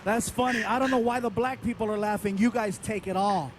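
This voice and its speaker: A man with a very high voice performs a stand-up set on a theater stage, animated and playful as he tells his stories. He speaks into a handheld mic, with a faint hum underneath. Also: fairly quick. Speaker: stand-up comedian. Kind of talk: stand-up comedy routine. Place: theater stage before an audience.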